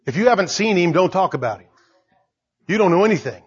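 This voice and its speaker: An older man preaching a sermon as pastor, emphatic and rising to shouts. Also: sits high, animated, quick pace, husky. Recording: dull lo-fi recording.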